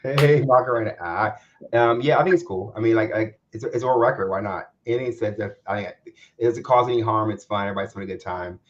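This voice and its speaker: A lower-voiced man co-hosting a loose news chat. He stammers, repeats himself and laughs often, and the sound is a bit dull and lo-fi. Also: quick pace, a little hiss or hum. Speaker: co-host.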